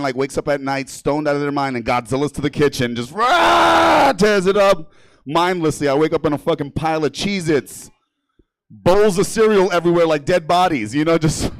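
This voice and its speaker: A brash, profane New York comedian performs a stand-up set on a comedy theater stage, laughing at his own jokes. His voice sits on the high side, and the recording is dry.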